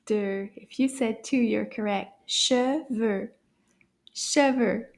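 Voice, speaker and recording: A woman with a bright, high voice leads a children's language lesson at an unhurried pace. She sounds cheerful and coaxing, praising often and dropping into soft whispers to build a little suspense. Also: creaky. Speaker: French teacher for children. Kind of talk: slow, encouraging kids' lesson.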